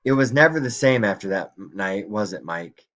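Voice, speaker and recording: A man's voice: lowish voice, lively intonation, moderate pace, fairly bright tone, muffled recording. A man voicing a frail old grandmother in a nursing home, drifting and regretful, as he reads a story aloud. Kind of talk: audiobook reading.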